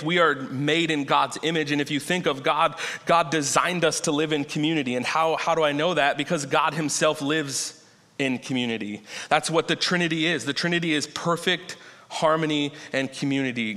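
A man preaching a sermon in a conversational way, slowing down to stress key points. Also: medium pitch, a bit bright. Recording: long reverb of a large hall.

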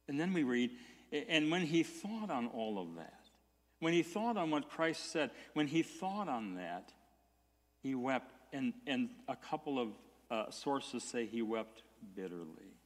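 A male pastor preaching an earnest sermon, with stammered restarts that swell into emphatic peaks. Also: mid-range voice. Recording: long hall reverb.

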